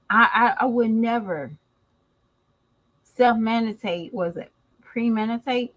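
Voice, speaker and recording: A woman's voice: mid-range voice, a bit bright, low-quality recording. A woman vlogger giving casual gossip commentary, slangy and emphatic, who laughs often as she talks.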